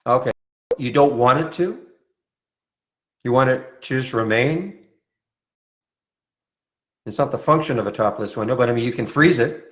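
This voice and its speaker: A man's voice: mid-range voice, moderate pace, pauses often. A man from Montreal moderating a live trading room, answering viewer questions in a loose conversational way with frequent restarts. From Montreal, Canada.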